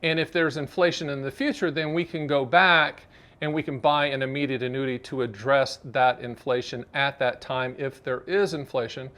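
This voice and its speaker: A man's voice: mid-range voice, steady tone, normal speed, fairly bright tone. A man, hosting a finance explainer vlog in a chatty, salesy, joking way and talking straight to the viewer. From Southern United States. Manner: jokey, chatty, salesy, addresses the viewer directly. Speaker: annuity advisor and show host. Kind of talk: direct-to-camera explainer vlog.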